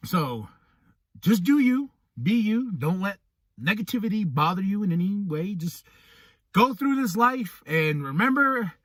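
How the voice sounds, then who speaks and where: A man's voice: high-pitched, breathy edge, no echo, clean studio sound. A man hosting a podcast, talking casually and animatedly, acting out what other people say. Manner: animated, acts out quoted people. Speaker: podcast host. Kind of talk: casual monologue.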